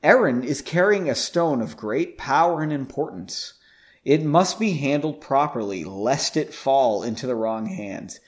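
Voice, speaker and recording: A man voicing a pompous, cold-hearted male mage who speaks slowly and with self-importance. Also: on the high side, sing-song, a little mellow. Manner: slow, measured, self-important.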